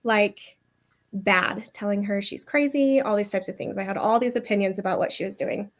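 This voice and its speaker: A woman in her thirties speaks as a guest over a video call, with a voice of middling pitch. She talks in a loose, chatty way, full of fillers and restarts, as she tells a personal story. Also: normal speed. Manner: chatty, many fillers and restarts, mimics others in quotes.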